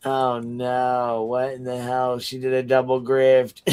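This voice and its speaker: Man hosting a crude livestream roast, smooth voice, laughs a lot. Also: mid-range voice, monotone, slow, darkish tone. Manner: laughs often, mocking, swears freely. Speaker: livestream panel host. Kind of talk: profane livestream commentary.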